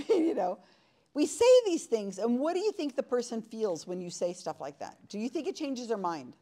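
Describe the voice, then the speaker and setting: A woman's voice: on the high side, sing-song, moderate pace, mellow. A woman leading an interactive workshop, talking conversationally and asking the audience questions in a room full of people. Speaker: workshop presenter.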